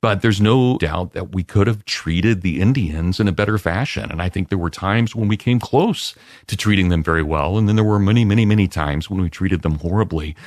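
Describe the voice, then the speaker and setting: A man answering interview questions as a guest historian, in an expansive, lecturing way with lively emphasis. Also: deep voice, fairly quick, no room sound.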